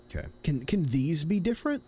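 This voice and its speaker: A man's voice: a little high, big pitch swings, fairly quick, a little mellow, slight background noise. A young man from Tennessee streaming a horror game, chatting casually and thinking aloud in a rambling, self-correcting way. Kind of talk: casual live gameplay commentary.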